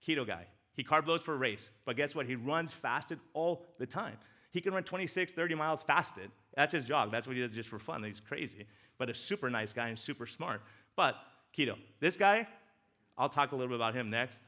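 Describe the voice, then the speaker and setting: A man, a doctor, giving a casual, joking talk with slides at a church men's breakfast, swinging between loud excitement and quiet emotion. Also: medium pitch, fairly quick. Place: church hall.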